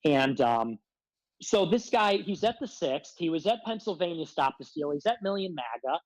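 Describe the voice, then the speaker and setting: A man's voice: fairly high pitch, big pitch swings, normal speed, dry recording, poor audio. A man ranting as a guest on a livestream, confrontational and self-described as a hothead, repeatedly demanding answers. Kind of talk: heated casual rant.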